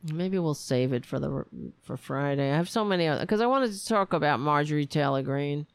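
A woman hosts a casual livestream from a room at home, rambling in frustration, sighing and swearing. Her voice sits low and sounds animated and a little fast, with a clean tone and no room sound.

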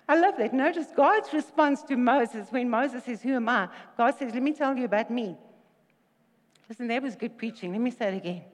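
A woman preaching a sermon, telling a story with lively asides and jokes. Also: high-pitched. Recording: reverberant hall.

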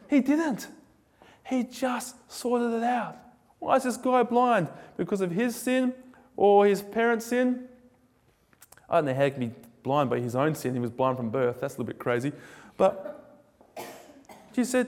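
A man with a high voice preaches a sermon, casual and quick to joke. He tells his stories with animation. His words echo with a long reverb, like a large hall. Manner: casual, joking, animated storytelling.

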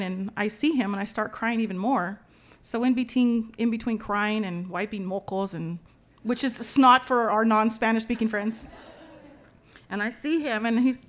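A woman from Los Angeles telling a personal story as a lively, dramatic monologue, mixing in Spanish slang. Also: fairly high pitch. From Los Angeles, USA.

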